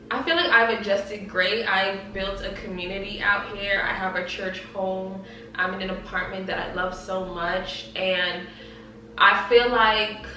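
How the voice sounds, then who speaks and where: A young woman chatting casually to camera in a Q&A vlog, laughing often and using many fillers. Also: mid-range voice. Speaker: vlogger. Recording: echoey room, somewhat far from mic, soft music behind.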